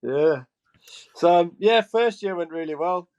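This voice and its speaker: A man in his twenties from England with a Geordie accent, a podcast guest telling animated stories and laughing often. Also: sits high, a little slow, lo-fi sound. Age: 20s. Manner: animated, laughing, acts out quoted voices. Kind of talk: casual storytelling chat.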